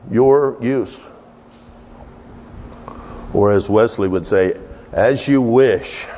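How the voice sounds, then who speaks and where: A man preaching a conversational sermon, telling the story with emphatic, jumpy delivery. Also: dark tone. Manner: storytelling, emphatic, with sudden pitch jumps. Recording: long reverb of a large hall.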